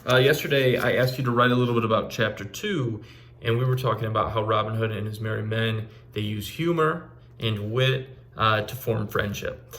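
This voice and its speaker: A man's voice: fairly low pitch, normal speed, fairly bright tone. A man teaching a recorded literature lesson in a casual way, with frequent fillers and restarts. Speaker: English teacher.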